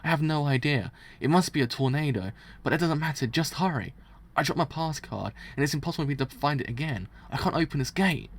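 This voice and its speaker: Guy doing a cold scheming priest villain from a manga, gravelly, counts primes under his breath. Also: fairly high pitch, fast talker. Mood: frantic, indignant. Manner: muttering, counting prime numbers to steady himself. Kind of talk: reading manga aloud with voices.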